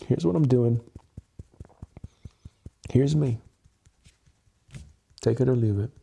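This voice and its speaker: A man speaking straight into his webcam during a solo livestream, with a deep, gravelly voice. He sounds earnest and emotional, swears freely and circles back over the same phrases. The tone is mellow and a bit husky. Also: slow, long pauses. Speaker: content creator. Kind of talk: solo livestream monologue, EFT tapping. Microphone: webcam mic, looking into camera.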